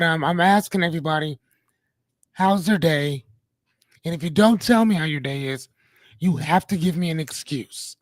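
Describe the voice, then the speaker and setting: A man's voice: sits high, no room sound. Playful rambling male livestream host. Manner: playful, rambling, addresses viewers by name. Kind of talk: casual livestream chat with viewers.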